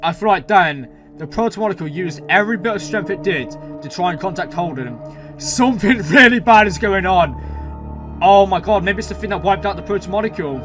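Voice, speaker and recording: A man hosting a reaction channel, excitedly talking through a TV episode and thinking aloud, with lots of exclamations and fillers. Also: sits high, normal speed, faint music behind.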